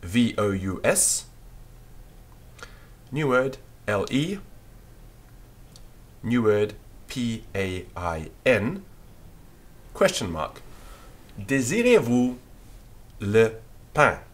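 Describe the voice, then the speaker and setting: A low, husky-voiced man teaching beginners, dictating very slowly and patiently. He spells each word out letter by letter, his pitch rising and falling in a lively way. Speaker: French teacher. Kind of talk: slow dictation lesson, spelling out words.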